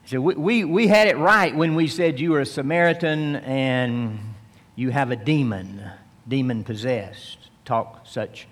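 An unhurried man teaching from scripture, reading each verse with deliberate weight before explaining it plainly. His voice sits at an ordinary pitch, lifting for emphasis and sinking soft. A long reverb trails every phrase. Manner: reads verses slowly, then explains in plain talk; rises with emphasis, drops low and soft. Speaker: preacher. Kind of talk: expository Bible teaching.

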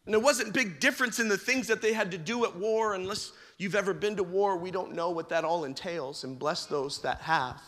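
A man's voice: sits high, brisk, hardly any pauses, a bit bright, long reverb tail. A man preaching a sermon, mixing jokes and everyday stories into his message in a conversational way. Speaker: pastor.

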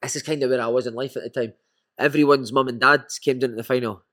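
A man with a Scottish accent, a former footballer and podcast guest, telling lively stories and calling the listener "mate". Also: mid-range voice, fast talker. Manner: animated anecdotes with frequent "mate". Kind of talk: casual storytelling.

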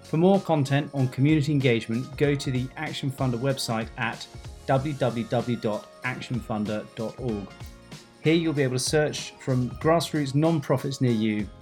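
Man, scripted outro, even read-out delivery, faint background music. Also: medium pitch, moderate pace. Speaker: podcast announcer.

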